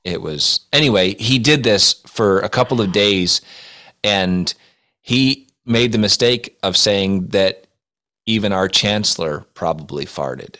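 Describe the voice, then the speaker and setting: Man, podcast co-host, deadpan mock-serious storyteller who breaks into laughter. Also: fairly low pitch, measured pace. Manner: mock-solemn storytelling, laughing through his own jokes. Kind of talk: casual comedic chat.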